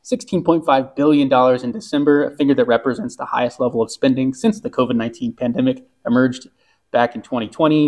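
A man's voice: mid-range voice, darkish tone. Easygoing male podcast co-host. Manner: conversational, reads travel news segments. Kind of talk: casual chat and news reading.

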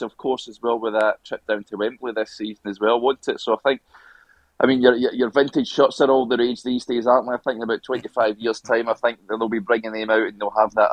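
A man speaks as a guest on a casual podcast in a mid-pitched voice, recorded close and dry with no room sound. He is chatty and easygoing and laughs along with the host. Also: steady tone, fairly quick, no room sound.

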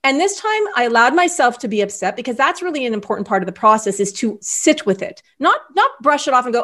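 Guest spot: chatty middle-aged woman, slightly high voice, lively storyteller. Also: fast, hardly any pauses. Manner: animated storyteller, acts out quoted voices. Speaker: podcast guest. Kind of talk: casual interview chat.

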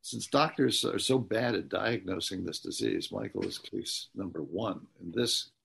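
A man speaking as an interview guest, telling stories in an earnest, halting way with many pauses. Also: sits low, animated, creaky, a bit bright, husky. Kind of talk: conversational storytelling.

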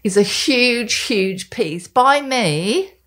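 A woman's voice: a little high, animated, extremely slow, fairly bright tone. Blunt, opinionated woman. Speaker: podcast co-host, columnist. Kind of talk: casual chat.

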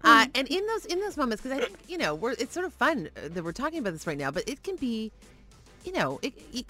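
A woman's voice: sits high, very animated, quick pace, music in the background. A woman co-hosting a morning radio show, chatty and encouraging. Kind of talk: casual radio banter. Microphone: studio microphone.

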